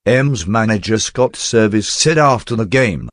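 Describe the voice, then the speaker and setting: A man's voice: fairly low pitch, animated, unhurried, no room sound, clean studio sound. A man voicing a fussy, formal personal secretary who fills in as sports podcast host, with stiff, precise diction in a scripted comic read. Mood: prim.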